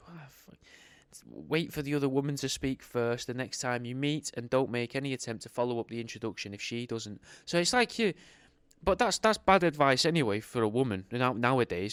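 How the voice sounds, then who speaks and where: A man's voice: medium pitch, fairly bright tone, clean tone, no room sound. A young man reading an old etiquette book aloud, breaking off into rambling, sweary, sarcastic commentary.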